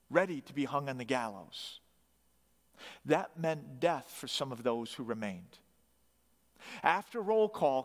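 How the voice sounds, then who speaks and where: Slow, dramatic male storyteller in a reverberant hall. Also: fairly high pitch. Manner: dramatic, emphatic, with rising bursts of emphasis.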